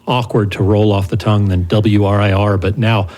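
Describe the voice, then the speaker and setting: A middle-aged man co-hosting a podcast, telling stories in a relaxed, self-deprecating way. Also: lowish voice, moderate pace. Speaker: podcast co-host. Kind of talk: casual conversation.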